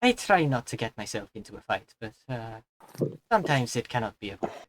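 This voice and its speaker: A woman voicing a shy, awkward albino furbolg painter in an attempted Welsh accent, halting and flustered. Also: extremely low pitch, very animated, slight background noise. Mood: hesitant.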